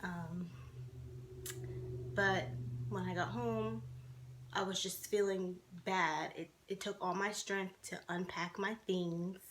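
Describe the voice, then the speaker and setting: A woman's voice: medium pitch, steady tone, slow pace, long pauses, slight background noise. A woman in her twenties telling her own life story to the camera, speaking candidly with many fillers and restarts. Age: 20s.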